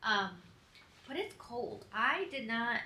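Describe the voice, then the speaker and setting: A woman's voice: on the high side, lively intonation, slow pace, sharp tone. A young woman from Connecticut talking casually to camera for a vlog, chatty and self-deprecating, with lots of "like". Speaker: vlogger. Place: hotel room in bed and out in a city. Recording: faint background noise.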